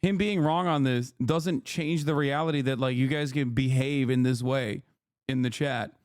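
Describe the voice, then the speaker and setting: A man's voice: medium pitch, moderate pace, smooth, no echo, clean studio sound. A man hosting a livestream, ranting at his chat in an exasperated, profane way and repeating phrases for emphasis. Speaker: livestream host. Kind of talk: heated unscripted rant to chat.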